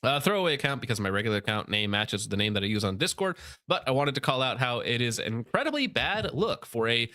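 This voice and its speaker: A man's voice: mid-range voice, lively intonation, fast talker, sharp tone, no room sound, studio quality. A man hosting a casual commentary show, reading posts aloud and mocking them sarcastically. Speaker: show host.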